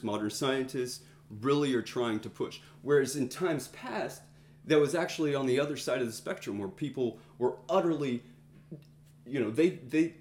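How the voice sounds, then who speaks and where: A man leading a Bible study, teaching a group in a conversational way and pausing to find his words. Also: medium pitch, darkish tone, roomy sound. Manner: conversational, thinks aloud, pauses to find words. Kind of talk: informal teaching talk to a group.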